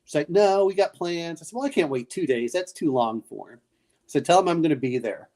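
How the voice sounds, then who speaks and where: Animated and quick, with a darkish mid-range voice, a man spins loose family tales in a casual late-night chat. He frequently restarts and acts out other people's words.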